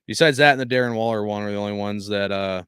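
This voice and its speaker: A man's voice: fairly low pitch, fast talker, clean tone, no echo, studio quality. A young man chatting casually on a live stream while opening football cards, swearing and laughing often. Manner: laughing, swearing, loud exaggerated dismay.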